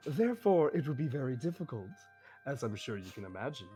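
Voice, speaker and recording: A game master voicing a sly cart merchant with a put-on accent, mock-polite and drawling. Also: male voice, mid-range voice, very animated, brisk, dark tone, breathy edge, soft background music, pitched below the performer's own voice.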